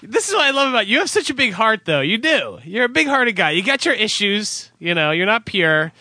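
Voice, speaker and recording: A man's voice: sits high, very animated, a little fast, bright, forceful tone, no echo. A man co-hosting a comedy podcast, teasing his friend and laughing often, a little stuffy from a cold. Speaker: podcast co-host. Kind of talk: casual comedic chat.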